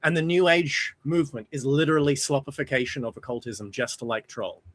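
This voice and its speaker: A man's voice: medium pitch, a little fast, fairly bright tone. A man hosting a casual stream who reads out chat questions, swears, and laughs easily. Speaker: stream host.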